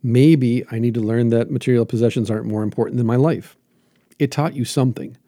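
A man's voice: medium pitch, steady tone, brisk, mellow, no echo, studio quality. A man hosting a reflective motivational monologue as a jiu-jitsu teacher, earnest and emphatic with lots of repetition.

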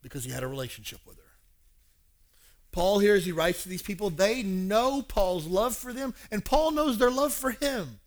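A male pastor preaching a sermon, animated and acting out dialogues. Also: high-pitched, normal speed.

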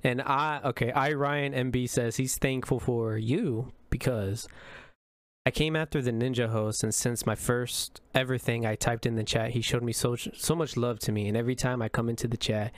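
A man's voice: mid-range voice, fairly even intonation, moderate pace, dry recording, studio quality. Easygoing man reading chat messages. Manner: reads messages aloud in an upbeat, easygoing way. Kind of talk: casual chat.

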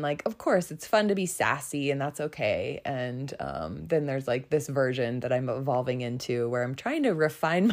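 A woman with a low, deep-set voice talks through a solo podcast episode, candid and reflective. She laughs often as she turns her thoughts over, sounding like a young adult yoga teacher speaking her mind. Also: a little mellow. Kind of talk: casual solo podcast monologue.

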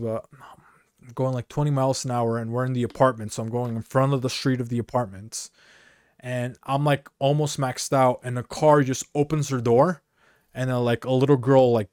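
A man's voice: mid-range voice, no echo, studio quality. A man from Mexico co-hosting a podcast, telling a rambling comic story and dropping "dude" and "you know" constantly. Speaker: podcast co-host. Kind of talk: casual comedic storytelling.

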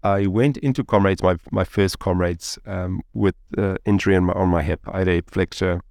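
Low, gravelly man. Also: normal speed, dry recording, clean studio sound. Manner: animated, rambling with many fillers like "like" and "you know". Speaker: guest. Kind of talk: storytelling in an interview.

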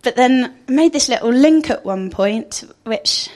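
A woman's voice: on the high side, expressive, measured pace, darkish tone. A woman giving an informal sermon, chatty and thinking aloud with frequent fillers. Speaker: speaker giving a church talk.

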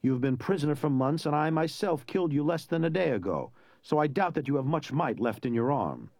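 A man's voice: fairly high pitch, expressive, fairly quick, a little mellow, no room sound, pitched above the performer's own voice. A man putting on an arrogant, scheming prince. He talks in a raised, haughty voice and blusters. The sound is dry and close.

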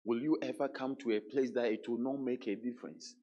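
A man preaching a sermon, emphatic, repeating words and dropping into hushed quotes. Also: medium pitch, fairly even intonation, fairly quick, dull audio.

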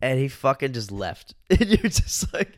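Male podcast co-host, mid-pitch, profane and laughing, casual storytelling, dry close recording. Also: big pitch swings, normal speed, no echo. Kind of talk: casual chat.

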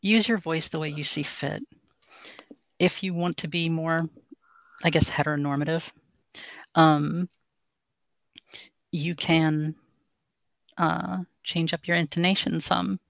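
A woman voice coach speaks in a measured, instructive way during a podcast interview. Her voice has a gravelly, fried texture. The recording is dry and a little dull. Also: deep voice, no room sound. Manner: calm, instructive, measured explanations. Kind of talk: podcast interview, explaining voice training.

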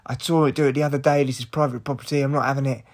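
An irate middle-aged homeowner snapping and scolding, sarcastic and aggressive, as a male comedian quotes her. She sounds close to his own everyday voice, only a little higher and quicker. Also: flat delivery, close to an everyday voice.

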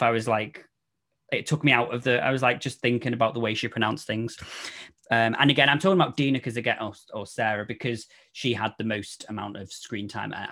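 A man co-hosting a horror podcast, talking through a film review in a loose, casual way. His voice leaps up in animated bursts and then sinks quiet at the ends of his phrases. He sits at an average pitch for a man. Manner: animated, trails off and restarts, voice drops low at phrase ends. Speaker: podcast co-host.

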